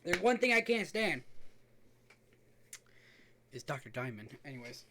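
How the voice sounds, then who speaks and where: A man's voice: on the high side, very animated, a little slow, noisy background. A young man co-hosting a podcast, chatting casually, swearing a lot and telling stories with laughter. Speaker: podcast co-host. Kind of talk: casual chat.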